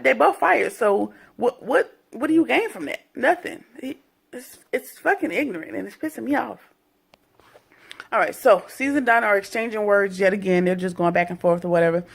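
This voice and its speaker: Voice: mid-range voice, vocal fry. A reality TV reviewer giving a casual, slangy recap, retelling scenes in mock quotes with plenty of profanity.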